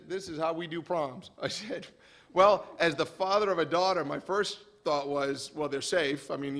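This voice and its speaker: A man giving a conference presentation, telling stories animatedly with frequent restarts. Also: fairly high pitch. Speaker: conference speaker. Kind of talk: presentation talk with slides.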